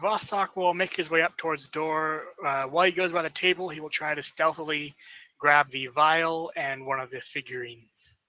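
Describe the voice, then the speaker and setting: A man playing in a tabletop game, stating his actions plainly and deliberately. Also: fairly high pitch, fairly even intonation, pushed and bright, no echo, low-quality recording. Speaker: player.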